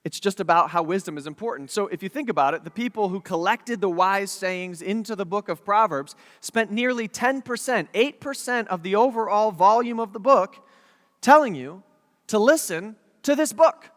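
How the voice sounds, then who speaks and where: Male pastor, high voice, animated jokey sermon delivery, hall reverb. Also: normal speed. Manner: animated, jokey, acts out quotes.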